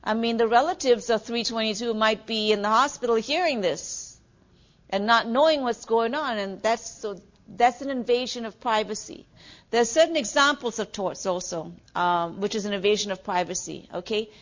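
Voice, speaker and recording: A middle-aged woman lectures a class in a conversational way, her voice a little high. She checks in with the room often with a quick "okay?" The recording sounds dull and lo-fi. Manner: conversational, asks the class questions, many "okay"s. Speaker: nursing instructor.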